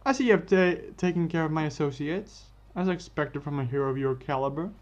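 A man's voice: a little high, brisk, close to an everyday voice. A man voicing a scheming male villain scientist with mocking, politely menacing speech. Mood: smug. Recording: dull lo-fi with faint music.

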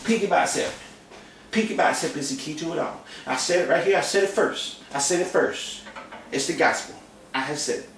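A man's voice: on the high side, brisk, fairly bright tone. A man clowns through a drum lesson with goofy, mock-boastful talk, repeating phrases over and over. His voice comes from a distance in a very echoey room with faint noise behind it. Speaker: drum teacher. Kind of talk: comedic casual drum lesson.

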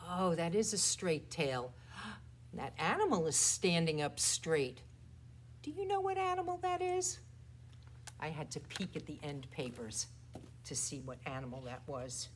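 A woman who works as a children's librarian, leading a toddler storytime with rhymes and a picture book, swinging between exaggerated soft and loud voices. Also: sits low, expressive, measured pace, slight background noise.

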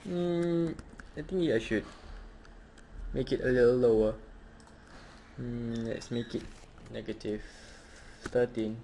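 A man's voice: medium pitch, fairly even intonation, takes it slowly, long pauses, warm tone, slight background noise. A man hosting a casual home tutorial, hesitant and full of fillers. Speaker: tutorial host.

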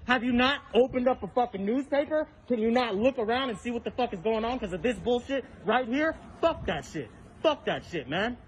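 Angry, profane man with a high voice, filmed on a phone in a street confrontation, faint outdoor noise. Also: animated, a little fast, poor audio. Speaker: person filming a confrontation. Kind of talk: heated street argument. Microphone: phone held while filming.

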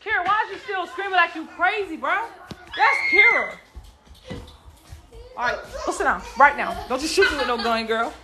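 A young woman live streaming from a busy family home on her phone, chatting casually and scolding her children loudly and bluntly. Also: very high voice, animated, moderate pace, pauses often, loud music behind the voice. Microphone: phone camera.

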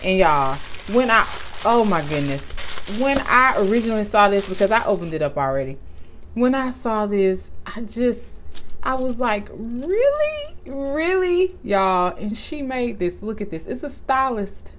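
A young woman hosting a casual vlog, talking in a warm, effusive way and often close to tears. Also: medium pitch, animated, moderate pace, a little hiss or hum. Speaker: channel host.

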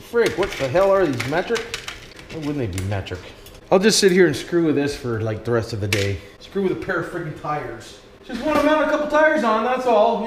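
A man's voice: on the high side, echoey room, background noise. A man from Canada with a Canadian accent, chatting to his viewers as he works in his workshop, cursing and calling them 'boys'. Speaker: vlogger. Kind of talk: casual workshop vlog, talking to viewers.

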